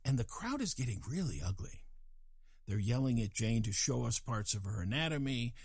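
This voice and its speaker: A man's voice: medium pitch, big pitch swings, normal speed, creaky, slightly rough, no room sound, studio quality. An older man from Colorado telling a rambling, self-deprecating story and acting out the voices of people in it. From Colorado, USA. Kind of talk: casual spoken anecdote.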